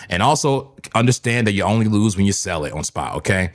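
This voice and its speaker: A man's voice: fairly low pitch, fairly quick, few pauses. A man hosting a live crypto trading stream, talking through charts in a loose, chuckling way and slipping into a mock preacher's call-and-response. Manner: animated, preachy mock-sermon bursts with chuckles. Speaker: crypto trading livestream host.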